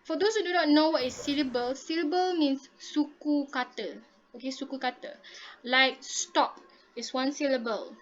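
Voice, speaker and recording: High-voiced teacher, lo-fi. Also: female voice, moderate pace. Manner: patient, repeats and checks understanding with "okay?". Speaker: English teacher. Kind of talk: online classroom lesson. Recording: dull lo-fi audio.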